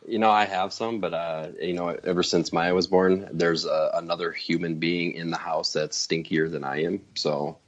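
A young man and new father telling stories in casual podcast chat, halting and full of fillers. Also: low-pitched, steady tone. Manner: halting, filler-heavy storytelling. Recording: dull lo-fi sound.

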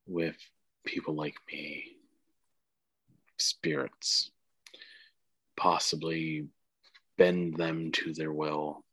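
Gentle sad grandma ghost, a guy doing it, low and slow, soft and halting. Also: no echo, heavily acted. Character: gentle, sorrowful grandmother spirit.

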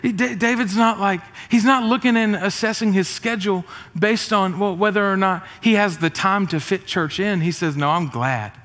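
A middle-aged man, preaching a sermon with jokes and energetic, rising emphasis. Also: sits high, normal speed, few pauses. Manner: energetic, joking, rising to shouts. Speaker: pastor. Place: church auditorium. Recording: reverberant church hall.

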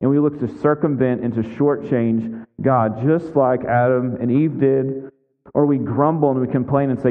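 A man's voice: medium pitch, fairly even intonation, moderate pace. A man preaching a sermon as pastor in a conversational way, with frequent asides asking his listeners. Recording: tinny lo-fi sound in a big echoing hall.

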